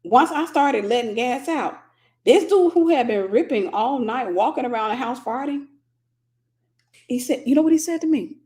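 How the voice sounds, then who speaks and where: An American woman hosting a candid Christian teaching talk, telling a humorous personal story in an animated, confessional way. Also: high voice, fairly quick. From United States.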